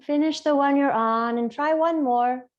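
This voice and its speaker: A woman teaching a gentle yoga class, with soft, playful step-by-step cues. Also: high voice, highs cut off. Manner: soft, slow, playful cueing.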